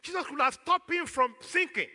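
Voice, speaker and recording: A man's voice: extremely high pitch, moderate pace, bright, forceful tone, long reverb tail. A man with a Nigerian accent preaching a sermon as pastor, throwing questions out to the congregation for them to answer.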